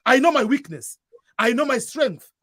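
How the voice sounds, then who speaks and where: Here an East African man whose first language is Swahili speaks with a very high-pitched, sing-song, sharp voice at normal speed, with no room sound. As a guest in a casual conversation, he earnestly advises newcomers, frequently circling back and restarting his phrases in his East African accent.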